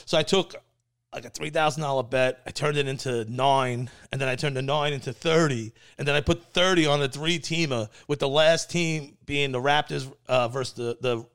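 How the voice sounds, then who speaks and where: A man telling wild stories in casual talk, acting out quotes with sudden high voices. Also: moderate pace, smooth. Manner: animated storyteller, acts out quotes in a high voice. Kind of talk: casual storytelling.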